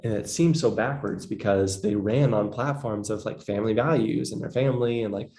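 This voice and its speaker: A man's voice: on the low side, a little fast, mellow, echoey room. A man giving a casual psychology lecture, full of fillers, acting out quoted voices. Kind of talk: recorded lecture.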